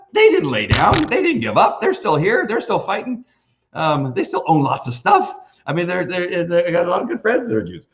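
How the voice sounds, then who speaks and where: A man hosts his own live stream, talking off the cuff and circling back over his words. He is emphatic and animated, and his voice rises and falls a lot. The sound is a little dull and lo-fi. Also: on the low side. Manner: rambling with frequent restarts. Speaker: host of a live video stream. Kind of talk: off-the-cuff livestream monologue.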